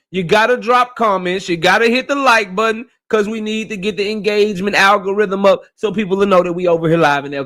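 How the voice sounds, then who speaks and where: A man's voice: high-pitched, sharp tone. A man hosting a live stream, casually greeting chat viewers one by one in slang. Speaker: livestream host.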